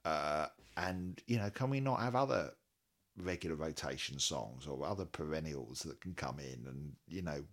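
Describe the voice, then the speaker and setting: Very deep-voiced man chatting enthusiastically. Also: lively intonation, moderate pace. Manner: enthusiastic, quoting statistics, laughs often. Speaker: podcast co-host. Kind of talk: casual chat.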